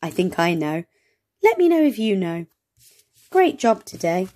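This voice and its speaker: A woman reading an early reader aloud to young children, gently sounding out words and asking encouraging questions. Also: on the low side, sing-song, a little slow. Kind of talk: children's read-along lesson.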